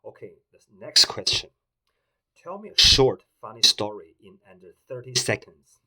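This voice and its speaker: Hesitant man with bright tone. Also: mid-range voice, big pitch swings, moderate pace, rough recording. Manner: hesitant, with many fillers. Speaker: tech reviewer host. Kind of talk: casual talk to a voice assistant.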